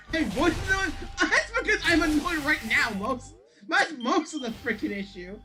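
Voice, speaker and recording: A woman streaming a video game, frustrated, swearing and shouting at the game as she plays. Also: high voice, animated, measured pace. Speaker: gaming streamer. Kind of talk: live gameplay commentary. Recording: game music playing behind.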